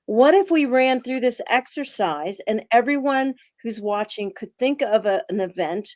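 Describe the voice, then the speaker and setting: A woman co-hosting a wellness talk, explaining steps in a slow, deliberate way. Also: a little high, animated, a little mellow, dry recording, clean studio sound.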